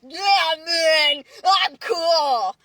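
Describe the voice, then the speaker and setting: A woman voicing a cocky young man who loudly brags about the beer in his hand. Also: extremely high pitch, extremely slow, no room sound, pitched above the performer's own voice, heavily acted. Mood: boastful. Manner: loud, boastful, shouting.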